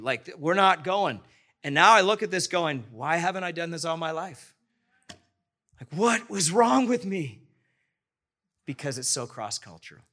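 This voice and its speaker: Male pastor preaching, high bright voice, super excited, keeps restarting lines. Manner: enthusiastic, rambling with restarts. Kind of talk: sermon.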